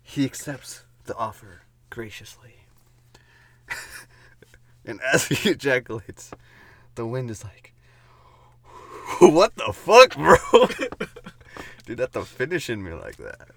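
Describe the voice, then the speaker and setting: A man improvising a comedic horror story as he goes, giggling often and dropping into a hushed whisper for the spooky parts. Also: medium pitch, lively intonation, a little slow, pauses often. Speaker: podcast co-host narrating an improvised story.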